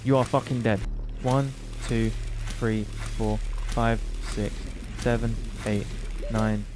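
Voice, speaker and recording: A young man streaming a game live, excitable and swearing often, talking to the creatures on screen. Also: lowish voice, slow pace, music in the background. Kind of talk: live gameplay commentary.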